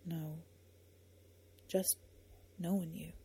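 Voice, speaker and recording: A woman reading a storybook, voicing a quiet, earnest young man who speaks in a hushed, halting way. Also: a little high, flat delivery, vocal fry, breathy edge, exaggerated voice. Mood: subdued.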